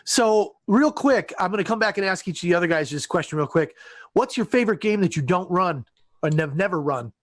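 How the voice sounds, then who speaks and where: An upbeat man hosts a casual chat about tabletop games, throwing questions to his co-hosts. His voice sits a little high, and the sound is dry and close. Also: animated, a little fast, dry recording. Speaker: podcast host.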